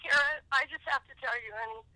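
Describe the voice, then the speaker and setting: Brief: middle-aged mother on the phone, high and bright, tearful and heartfelt. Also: fast, no echo, rough recording. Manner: emotional, sincere. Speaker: caller, host's mother. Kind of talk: phone call.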